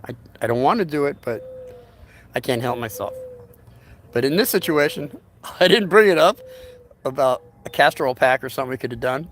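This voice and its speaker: A man's voice: mid-range voice, animated, fairly quick, slight background noise. A man telling a long anecdote in a casual, rambling way, with many restarts and fillers. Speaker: storyteller.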